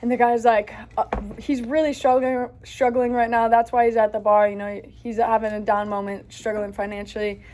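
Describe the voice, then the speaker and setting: A woman co-hosting a podcast, casually telling a joke in a relaxed way with plenty of fillers. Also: on the high side, brisk, a little hiss or hum. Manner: relaxed storytelling with fillers like 'um' and 'like'.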